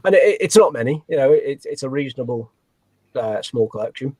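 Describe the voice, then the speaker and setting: A man talks as a guest on a casual podcast. He rambles and restarts often, joking at his own expense. The sound is dry and close, at a middling pitch. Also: lively intonation, a little fast, mellow, no room sound. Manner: self-deprecating, rambling, many fillers and restarts. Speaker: guest, snake breeder. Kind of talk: casual interview chat.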